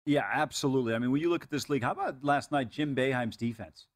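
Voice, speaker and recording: A man co-hosting a sports betting show, talking rapidly and with strong opinions in casual chat. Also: medium pitch, no room sound, clean studio sound.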